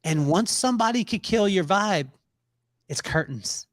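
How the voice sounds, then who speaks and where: Unhurried and animated, a high-voiced middle-aged man shares a story as a guest in a casual podcast interview, often laughing and performing the voices of people he quotes. The recording is close and dry, without any echo.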